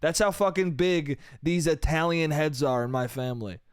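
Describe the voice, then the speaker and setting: A man's voice: fairly high pitch, moderate pace, smooth, no room sound, studio quality. A young man hosting a solo comedy podcast, rambling and self-mocking, swearing freely and calling the listener dude and bro. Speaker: podcast host.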